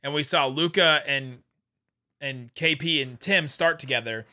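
Male podcast co-host, upbeat, slightly high voice, bright tone, casual sports talk. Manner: excitable, quick to joke and laugh.

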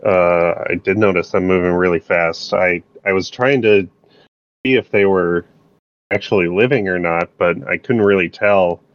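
A man's voice: deep voice, normal speed, dry recording, muffled recording. A man taking part as a player in a tabletop role-playing game, speaking hesitantly and thoughtfully. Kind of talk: casual tabletop role-play.

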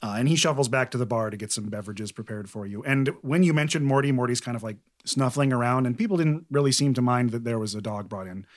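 A man narrating as game master in a relaxed, chatty way, with plenty of fillers. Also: mid-range voice, quick pace, few pauses.

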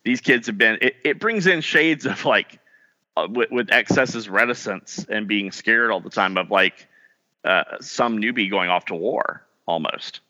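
A man co-hosting a podcast in casual chat, halting and restarting his phrases. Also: fairly low pitch, expressive, pushed and bright, muffled recording. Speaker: podcast co-host. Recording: long reverb.

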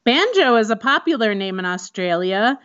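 A woman's voice: fairly high pitch, sing-song, moderate pace, fairly bright tone, clean tone, muffled recording. A woman co-hosting a podcast, leading the topics and making dry, teasing asides. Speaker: podcast co-host. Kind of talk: casual podcast chat.

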